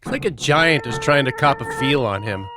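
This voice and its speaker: A man's voice: mid-range voice, big pitch swings, music in the background. A man cracking jokes over a movie as a comedy riffer. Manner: quick wisecracks with asides.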